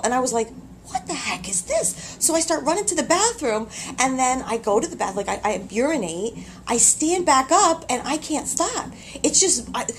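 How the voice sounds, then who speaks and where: Woman in labor, telling an animated story. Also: fairly high pitch, a little hiss or hum. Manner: animated, laughing, exclamatory. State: having contractions. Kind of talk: casual storytelling to camera. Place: hospital room, indoors. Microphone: handheld camcorder's built-in mic.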